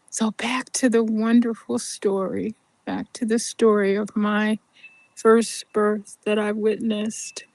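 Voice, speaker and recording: An older woman hosting a podcast, telling a personal story in an unhurried, gentle way that often sinks to a soft near-whisper. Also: fairly high pitch, vocal fry, no room sound. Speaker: podcast host.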